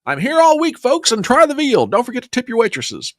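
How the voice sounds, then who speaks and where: A man's voice: very high voice, huge pitch swings, fairly quick, no echo, studio quality, voice pushed up, full character voice. A man putting on the voice of a corny old-school stand-up comic, delivering a hammy sign-off after a pun.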